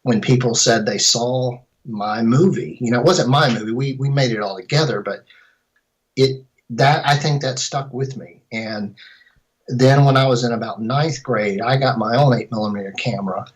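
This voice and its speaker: A middle-aged man tells his story in a casual interview. His voice sits at an ordinary pitch, and he rambles, restarts and corrects himself as he goes. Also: normal speed, rough recording. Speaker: filmmaker and composer.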